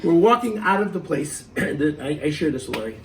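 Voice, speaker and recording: A middle-aged man telling a story in a casual, animated way, acting out the quotes and laughing as he goes. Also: fairly high pitch, brisk, vocal fry, far from the mic, slight background noise, rough recording.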